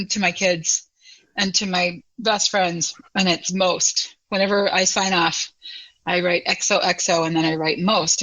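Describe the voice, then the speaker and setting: A woman hosting a podcast, talking in a warm, motherly and encouraging way. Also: medium pitch, poor audio. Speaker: podcast host. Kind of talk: casual chat.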